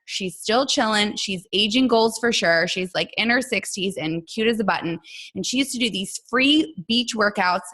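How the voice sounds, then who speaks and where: A woman's voice: mid-range voice, normal speed, a bit bright. A middle-aged woman, a fitness coach, giving a chatty motivational talk to her team and acting out quotes as she tells her story. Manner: chatty, storytelling, acts out quotes in other voices.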